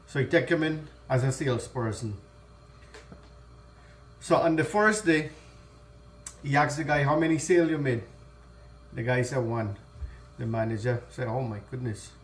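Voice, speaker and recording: A man with a Guyanese accent hosting a home cooking channel, telling a long joke in an easygoing, relaxed way before cooking. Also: a little high. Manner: easygoing storyteller, relaxed creole grammar. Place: home kitchen.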